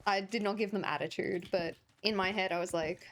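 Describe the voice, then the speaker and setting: Female streamer, mid pitch, loose sarcastic gaming chatter. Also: steady tone, brisk, hardly any pauses, slight background noise. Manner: chatty, sarcastic, rambling asides. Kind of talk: casual gaming stream chat.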